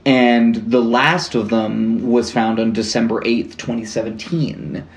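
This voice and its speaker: A man's voice: mid-range voice, steady tone, a little slow. Casual rambling man in an echoey room. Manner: rambling, lots of "like" and restarts, swears casually. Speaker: podcast co-host. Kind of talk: casual chat, true-crime storytelling.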